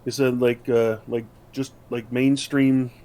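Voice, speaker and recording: A man's voice: mid-range voice, flat delivery, takes it slowly, mellow. A man co-hosting a podcast in casual chat, rambling with many fillers and restarts. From United States. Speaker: podcast co-host.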